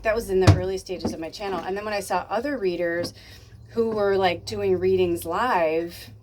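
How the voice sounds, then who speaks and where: A woman's voice: lowish voice, background noise. A woman in her fifties chatting casually to camera at home, rambling with lots of fillers and the odd swear word. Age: 50s. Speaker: spiritual medium and channel host.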